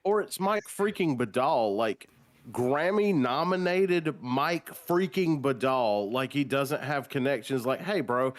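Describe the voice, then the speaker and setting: A man's voice: medium pitch, animated, measured pace. A man co-hosting a casual fan podcast, joking in a mock-solemn, emphatic way. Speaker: podcast co-host.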